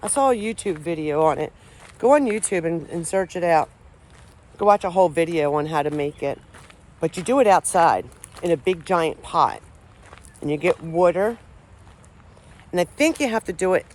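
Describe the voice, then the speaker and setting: Out among the trees, a paranormal vlogger rambles casually to the camera, often sounding unsure and restarting her sentences. Her voice is lowish and animated with a darkish tone, moving at a moderate pace broken by long pauses.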